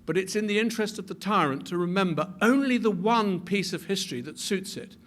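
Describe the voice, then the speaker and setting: A man giving a public talk with animated delivery, building to emphatic peaks and often repeating words as he restarts his sentences. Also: high voice, fairly quick. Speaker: speaker.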